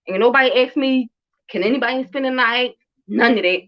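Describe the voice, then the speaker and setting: A woman's voice: high-pitched, lively intonation, fairly quick, highs cut off. A woman around thirty, a mother and show host, telling a story in casual chat with blunt, emphatic and heavily profane talk. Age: about 30.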